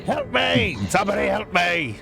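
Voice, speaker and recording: A man's voice: high-pitched, expressive, moderate pace, creaky, bright, forceful tone, soft background music, pitched above the performer's own voice, exaggerated voice. A man voicing a small, panicky male goblin who squirms and whines out frantic denials. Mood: panicked pleading.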